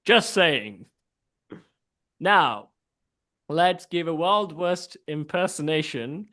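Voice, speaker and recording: A man's voice: a little high, animated, takes it slowly, fairly bright tone. A man hosting an online improv game in a costume persona, playful and laughing, over a video call. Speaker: improv host.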